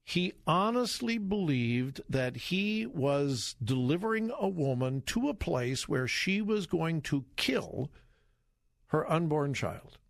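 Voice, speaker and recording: A man hosting a call-in radio show, folksy and animated, laughing easily with callers. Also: fairly high pitch, slow pace, creaky, no room sound, studio quality. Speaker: radio talk show host. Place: radio studio. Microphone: studio mic.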